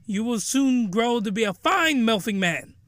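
A man voicing a calm middle-aged stepmother who lectures her teenage stepson, in a low, quiet, flat tone. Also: measured pace, no echo, studio quality, full character voice. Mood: calm lecturing.

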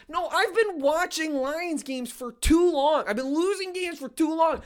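A man who runs a sports channel, ranting as an excited fan and swinging between loud cheering and low muttering. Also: moderate pace, hardly any pauses. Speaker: sports YouTuber.

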